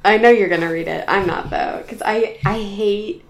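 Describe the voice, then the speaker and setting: A woman's voice: mid-range voice, normal speed, creaky. Laughing, easygoing woman podcast co-host. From Arizona and the American South. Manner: laughs often, relaxed and joking. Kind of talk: casual chat.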